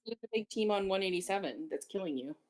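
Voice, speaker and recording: A woman chatting quickly as a guest player over voice chat. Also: mid-range voice, animated, a crowd in the background. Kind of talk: casual voice chat. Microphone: voice chat headset.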